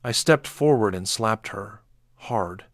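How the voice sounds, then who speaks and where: A man reading a first-person horror story as scripted narration, measured and low-key, with sharp outbursts when quoting. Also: expressive, dry recording, studio quality.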